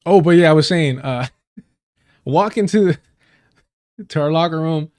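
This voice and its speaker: A man's voice: on the high side, slow pace, a little mellow. A man hosting a live stream, telling casual stories in a loose, rambling way, swearing freely and laughing often. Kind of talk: casual storytelling.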